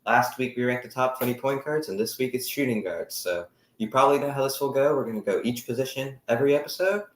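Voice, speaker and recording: A young man co-hosting a casual sports podcast, energetic and running the segments. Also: medium pitch, fast. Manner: energetic, runs the segments, lets out loud whoops. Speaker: podcast co-host. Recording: echoey room.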